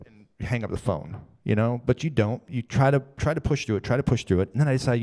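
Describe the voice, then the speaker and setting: A man's voice: medium pitch, lively intonation, quick pace, few pauses, a little mellow. A man in his thirties telling a personal story in a rambling, emotional way, often repeating himself.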